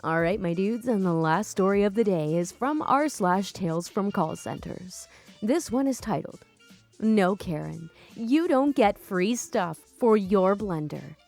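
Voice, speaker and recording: A woman's voice: medium pitch, lively intonation, unhurried, creaky, darkish tone, faint music behind. A woman narrating online stories aloud in a casual, chatty way, greeting listeners as her dudes. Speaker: story narrator.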